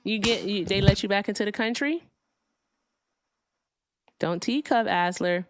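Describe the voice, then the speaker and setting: A woman's voice: mid-range voice, unhurried, long pauses, dry recording. A woman hosting a livestream debate, casual, blunt and profane, sounding tired.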